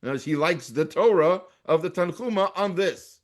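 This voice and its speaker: A man's voice: high voice, animated, moderate pace. A man with an American accent teaching a Torah class as a rabbi. He reads Hebrew texts aloud and translates them, with frequent restarts.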